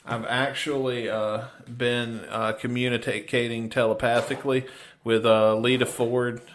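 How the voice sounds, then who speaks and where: A man's voice: medium pitch, flat delivery, a little slow, a little hiss or hum. A man rambles through a joke on a comedy podcast. He speaks in a mid-range voice and stops often with "uh" as he searches for his words. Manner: rambling, hesitant, many "uh"s.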